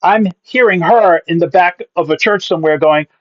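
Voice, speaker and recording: A man in his fifties with a slightly high voice tells a comic story as a podcast guest, punchy and full of quick asides. His voice comes through a dull, lo-fi recording. The sound is dry, with no room around it. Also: dry recording. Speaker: guest, pastor and comedian.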